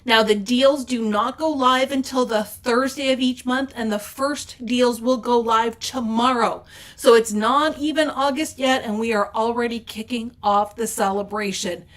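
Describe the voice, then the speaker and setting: A woman's voice: on the high side, unhurried, a bit bright. A woman hosting a casual craft store update, chatty and upbeat, with plenty of fillers. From Canada. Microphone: off-camera mic with slides.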